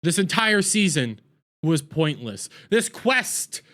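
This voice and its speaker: An exasperated man rants through a TV episode review, his fairly high voice jumping from loud outbursts down to low mutters. He sounds fed up and keeps hammering his complaints. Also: sing-song, slow pace. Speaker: TV review host. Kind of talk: ranting TV review.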